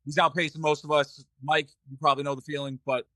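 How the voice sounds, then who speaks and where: A teasing man with a Boston accent hosts a casual sports podcast. His voice sits a bit high and sounds dry and close to the mic. He hams up his sponsor reads like a showman. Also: level tone, fast talker, pushed and bright, no room sound. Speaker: podcast host.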